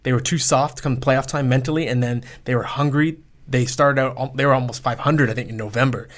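A man's voice: medium pitch, steady tone, a bit bright. 30s guy cohosting a hockey podcast, strong opinions, keeps correcting himself. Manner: opinionated, quick self-corrections. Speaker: podcast co-host. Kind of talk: casual sports talk.

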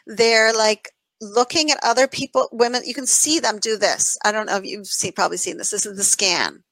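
A woman guest in an interview, explaining in an animated way and checking in with "right?" as she talks. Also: fairly high pitch, moderate pace, dry recording, low-quality recording. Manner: animated, acts out inner voices, says "right?" often.

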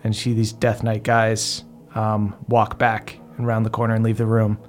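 A man narrating a tabletop game as game master, describing scenes at an unhurried pace with many fillers. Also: on the low side, completely flat delivery, soft background music.

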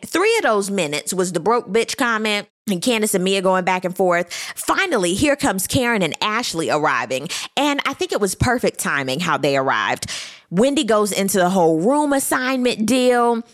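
Woman, casual recap commentary, sassy, lively pitch. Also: moderate pace. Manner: sassy, animated, quoting people in exaggerated voices. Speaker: reality TV recap host.

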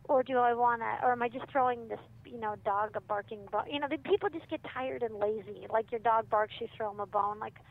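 A woman's voice: on the high side, a little fast, gravelly, hardly any pauses. A woman, a parenting author, chatting casually in an interview and acting out what parents and kids say. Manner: animated, acts out quoted parents and kids. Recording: phone-line audio with faint noise.

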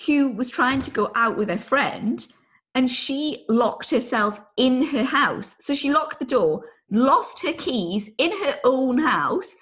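A woman's voice: sits high, lively intonation, slow, fairly bright tone. A woman, co-hosting a casual chat and telling self-mocking stories with giggles. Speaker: podcast co-host.

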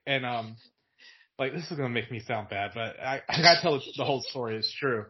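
A man's voice: medium pitch, brisk, muffled recording. A young man from Virginia, a podcast guest, telling stories in a rambling way with lots of filler words. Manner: rambling, many "like" fillers, laughs through stories. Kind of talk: casual storytelling chat.

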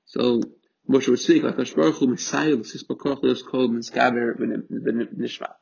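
Gravelly man teaching a Torah text. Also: mid-range voice, steady tone, normal speed, a little mellow. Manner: reads Hebrew then explains in English, with fillers and restarts. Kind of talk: text study lesson, translating Hebrew line by line. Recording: muffled lo-fi recording.

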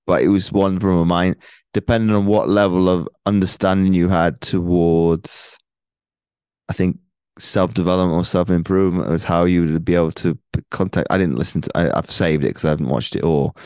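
A man's voice: low voice, steady tone, brisk, a little mellow, smooth, no room sound. A man hosting an interview, asking long, rambling questions with many restarts. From North Wales. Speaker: podcast host. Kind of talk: casual interview.

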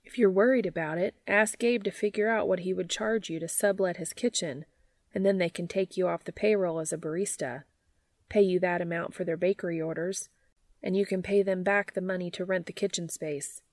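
A sensible younger brother who lays out his arguments calmly and persuasively, voiced by a woman reading. Her low voice has a gravelly edge in a dry, close recording. It plays as a story read aloud. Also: brisk, dry recording, natural voice. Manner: calm, persuasive. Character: reasonable young man, law student, younger brother.

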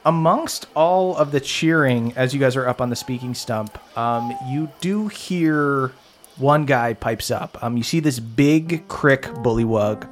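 A man's voice: mid-range voice, a little slow, soft background music. A man running a tabletop game as game master, narrating loosely and laughing often.

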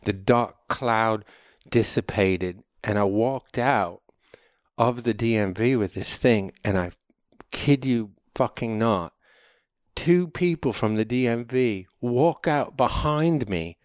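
A man's voice: mid-range voice, takes it slowly, no room sound, clean studio sound. A man hosting a show, telling a story in a rambling, loose, profane way. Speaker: host. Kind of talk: casual storytelling monologue.

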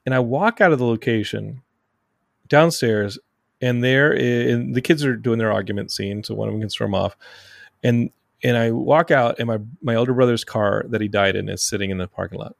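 A man's voice: medium pitch, normal speed, vocal fry, no room sound, studio quality. A man hosting a podcast, chatting casually and acting out quotes as he tells stories. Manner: animated storyteller, acts out quotes. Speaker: podcast host. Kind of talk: casual chat.

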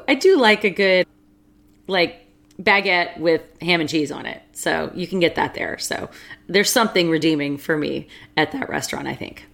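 Easygoing low-voiced female podcast co-host. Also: a bit bright. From United States. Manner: easygoing, frank, laughs between remarks. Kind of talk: casual chat.

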